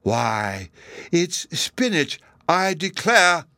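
A man doing a high, fluttery empress. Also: very animated, pushed and bright, dry recording, heavily acted. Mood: prim surprise. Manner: airy, prim, drawn-out. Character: vague, fussy female empress.

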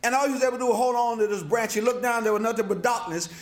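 A pastor from New Orleans, USA, preaches a sermon in a lecture hall, racing along in a very high voice. He is passionate, repeating himself and stumbling into restarts, and the room echoes.

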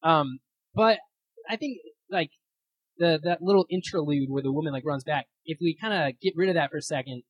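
A young adult leads a relaxed Bible study at a weekend retreat, with a slightly husky, breathy voice sitting at a middle pitch. The talk is loose and chatty, packed with fillers and little acted-out quotes. The sound is dry and close, with no room echo. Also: brisk. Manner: chatty, many fillers, acts out quotes and laughs at own stories. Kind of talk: casual teaching talk.

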